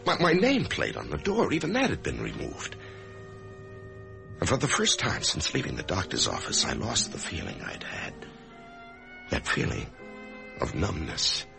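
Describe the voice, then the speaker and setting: A frightened office worker brooding on death in a vintage radio drama. His very low, gravelly voice swings widely and stumbles over words. Music plays clearly under him. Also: huge pitch swings, moderate pace, long pauses, full character voice. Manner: hesitant, stammering. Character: anxious male office worker facing death. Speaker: narrator and lead character. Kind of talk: 1950s radio drama acting.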